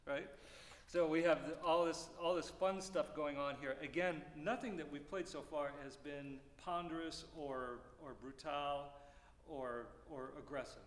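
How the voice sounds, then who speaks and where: A man teaching a music clinic, explaining phrasing and singing rhythms aloud with lively syllables. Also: on the high side, measured pace. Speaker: percussion clinician. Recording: roomy hall reverb, faint noise.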